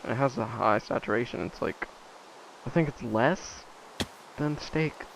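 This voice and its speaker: A man's voice: medium pitch, a little slow, vocal fry, noisy background. A teenage boy chatting casually while playing a game, rambling with lots of fillers and trailing thoughts. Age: teens. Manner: rambling, many fillers, drifts off mid-thought. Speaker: gaming vlogger.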